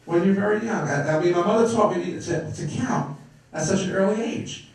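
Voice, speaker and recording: This stand-up comedian from Brooklyn, New York, a middle-aged man, is brash and full of wisecracks as he works the crowd from a comedy club stage. He speaks at normal speed in a high voice. The sound is echoey and picked up from far away in the club.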